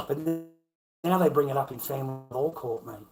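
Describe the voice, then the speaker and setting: A middle-aged man with an Australian accent holds forth on his own livestream. He swears constantly, circles back over the same points, and his voice sits at an ordinary middle pitch. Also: brisk, poor audio. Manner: profane, rambling, repeats himself. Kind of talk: casual livestream rant.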